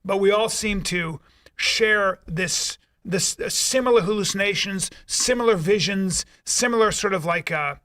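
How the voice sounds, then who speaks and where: High-pitched, bright-toned male guest, animated storyteller, joking. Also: unhurried. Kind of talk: casual podcast chat. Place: studio.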